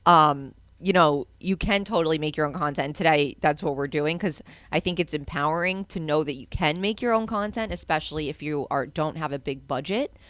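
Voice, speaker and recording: A young woman with a low, smooth voice co-hosts a casual marketing podcast. She talks in an animated, earnest way, full of casual fillers. The sound is close and dry, with no room around her. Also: fairly quick, hardly any pauses, dry recording. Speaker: co-host.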